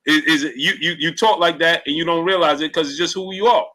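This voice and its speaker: A man's voice: on the high side, fast, poor audio. A man with a New York accent hosting a casual sports live stream, talking animatedly and reading viewers' comments aloud. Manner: animated, talks straight to chat, reads comments aloud. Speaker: sports show host.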